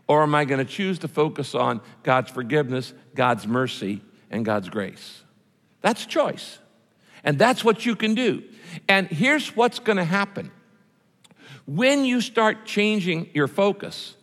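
Male pastor, emphatic and repetitive sermon delivery, lively pitch, hall reverb.

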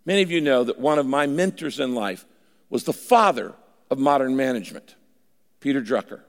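A man's voice: medium pitch, animated, a little fast, in a large hall. An older man preaching a sermon in a conversational way, at times voicing imagined listeners. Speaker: pastor.

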